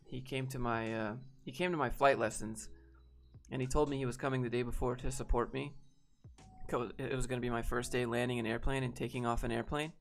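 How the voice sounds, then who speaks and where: A young man, a guest, telling a frustrated, halting personal story in a casual way. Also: mid-range voice, fairly even intonation, creaky, faint music behind.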